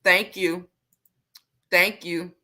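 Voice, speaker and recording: Sassy low-voiced woman with a bright edge. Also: drawn-out words. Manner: sassy, animated, swings from low muttering to loud exclamations. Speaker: livestream host reading viewer comments. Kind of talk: casual livestream chat.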